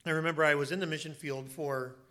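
Forceful, bright-voiced male pastor preaching. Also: fairly high pitch, steady tone, fast. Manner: emphatic, storytelling, repeats words for stress. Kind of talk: sermon. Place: church.

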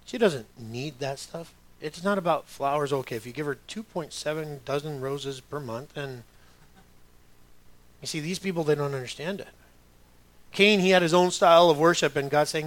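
A man's voice: fairly high pitch, normal speed, fairly bright tone. A middle-aged man preaching a sermon as a pastor, conversational, with rhetorical questions to the congregation.

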